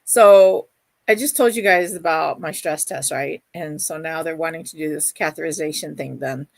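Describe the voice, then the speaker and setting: A woman's voice: low-pitched, moderate pace, vocal fry, no room sound. A middle-aged woman hosting a casual livestream, chatting and reading viewer comments aloud in a gushing, affectionate way. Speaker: livestream host.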